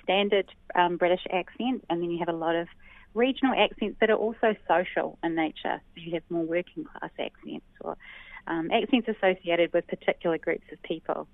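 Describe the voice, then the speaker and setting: A woman's voice: lowish voice, dry recording. New woman on a phone line. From New Zealand. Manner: thoughtful, frequent ums, measured explaining. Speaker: linguist guest. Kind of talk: explanatory interview answers. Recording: dry, tinny phone line.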